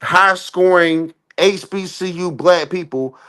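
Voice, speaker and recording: Argumentative man, higher-pitched voice. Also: fairly bright tone, clear, resonant tone. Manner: argumentative, repeats "no" in rapid bursts. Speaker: podcast host. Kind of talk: heated casual debate.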